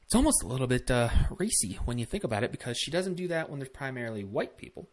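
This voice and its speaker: Talking fast with big swings in his medium-pitched voice, this man runs a casual political vlog. His commentary is blunt and full of swearing, wandering into rambling asides packed with fillers.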